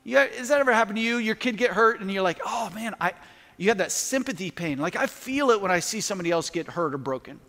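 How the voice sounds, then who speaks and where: High-voiced pastor preaching in a hall. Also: male voice, animated, quick pace, a bit bright. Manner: earnest, building to emphatic peaks, prays aloud mid-talk. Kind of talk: sermon. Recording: long hall reverb.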